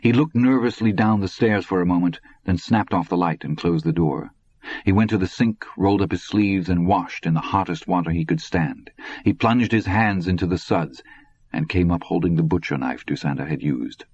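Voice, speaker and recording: A man narrating an audiobook in a husky voice. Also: low voice, normal speed, a little mellow. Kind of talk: scripted narration. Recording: dull, lo-fi recording.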